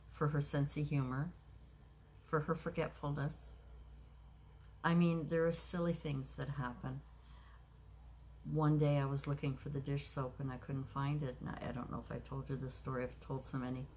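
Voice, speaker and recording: Very low-voiced woman in her sixties. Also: a little mellow, a little hiss or hum. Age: 60s. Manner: reflective, unhurried, with many um's and restarts. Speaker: craft vlogger. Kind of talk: casual personal storytelling.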